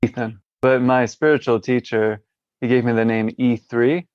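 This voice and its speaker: A man's voice: medium pitch, fairly even intonation, moderate pace, darkish tone, clear, resonant tone, no echo, dull audio. A man speaking as a podcast guest from a hospital room, reflective and hesitant, with many fillers. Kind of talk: interview conversation.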